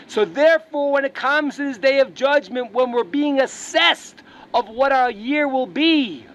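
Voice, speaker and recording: Rabbi guy teaching, high voice that swings a lot, stumbles and repeats words. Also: a little hiss or hum. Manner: animated storyteller, repeats words as he restarts. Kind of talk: religious lesson with a parable.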